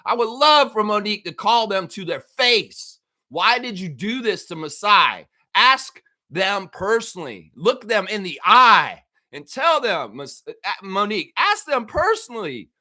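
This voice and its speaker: A man hosting a casual daily fan livestream, talking excitedly, swearing and acting out bits of dialogue. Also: high-pitched, measured pace, few pauses.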